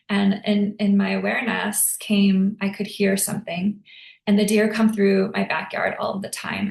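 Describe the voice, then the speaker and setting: A woman hosting a podcast, telling a personal story in an earnest, emotional way, lifting into a higher soft voice when she quotes herself. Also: creaky. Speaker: podcast host. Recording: echoey room.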